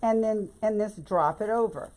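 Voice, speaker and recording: A woman's voice: mid-range voice, moderate pace, darkish tone. A woman giving a chatty, folksy live-stream tutorial on making bows, often calling viewers "y'all" and "babe". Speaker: bow-making instructor.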